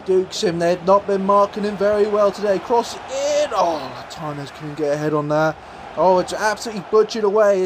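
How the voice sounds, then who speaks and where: Excitable high-voiced gamer. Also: male voice, background noise. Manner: shouts in bursts at goals, mock-commentator tone. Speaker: gaming YouTuber. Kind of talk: excitable football game commentary.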